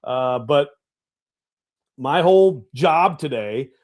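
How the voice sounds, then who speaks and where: A man's voice: a little high, takes it slowly. Self-deprecating middle-aged man telling a story. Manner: storytelling, self-deprecating, loud animated outbursts. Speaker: radio co-host. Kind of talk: casual sports radio chat. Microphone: home setup on video call.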